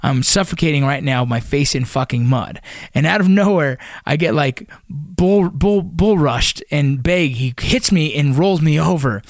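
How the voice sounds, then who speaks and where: Man, slightly high voice, dry close sound, profane, animated storytelling. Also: moderate pace, no echo. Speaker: storyteller recounting army ranger training. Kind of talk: casual spoken storytelling.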